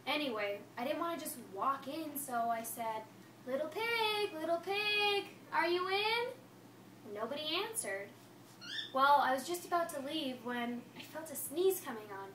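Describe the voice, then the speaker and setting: A woman's voice: high-pitched, animated, normal speed. A woman telling it as a chatty, innocent wolf. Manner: chatty, innocent-sounding, playful. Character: friendly, self-justifying male wolf. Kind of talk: first-person storybook read-aloud. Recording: echoey room, far from mic, faint hiss.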